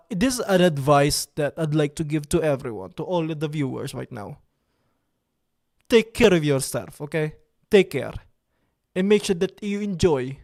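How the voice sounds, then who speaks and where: A man's voice: on the high side, a little mellow. Playful, vain man chatting on a livestream. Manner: playful, vain and mock-serious, with halting, broken phrasing; drops in occasional French words. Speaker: livestream host. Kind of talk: casual livestream chat with viewers.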